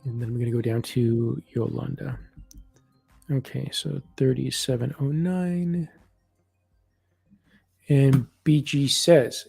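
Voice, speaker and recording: A man hosting a live online reading, talking casually with warm affirmations and many restarts. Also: mid-range voice, slow, creaky, long pauses, slightly rough, soft background music. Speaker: psychic reader hosting a live event.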